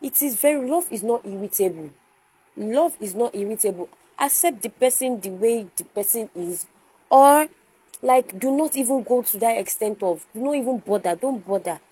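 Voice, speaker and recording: A woman's voice: fairly high pitch, expressive, moderate pace, dark tone, breathy edge, rough recording. A young woman hosting a faith-based podcast, talking earnestly and repeating rhetorical questions. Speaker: podcast host.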